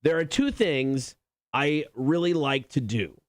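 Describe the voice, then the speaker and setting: A man's voice: mid-range voice, no echo, studio quality. A man co-hosting a morning radio show, running a quiz segment with upbeat announcer delivery. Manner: upbeat announcer delivery, reads quotes slowly. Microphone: studio microphone.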